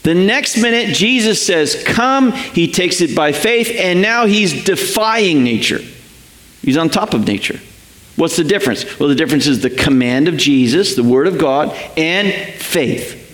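A man preaching a sermon, animated, repeating words for emphasis and checking in with "right?". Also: on the high side, a little slow, reverberant, rough recording. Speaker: pastor.

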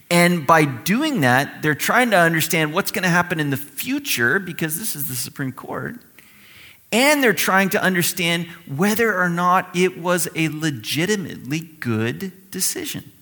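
Animated man preaching a casual sermon. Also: on the high side, normal speed. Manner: conversational, animated, acts out quoted voices. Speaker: pastor.

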